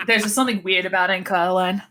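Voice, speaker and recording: A woman's voice: fairly low pitch, fairly even intonation, fairly quick, bright, forceful tone, rough recording. Dry-humored woman playing a tabletop game. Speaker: player. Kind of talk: casual tabletop play.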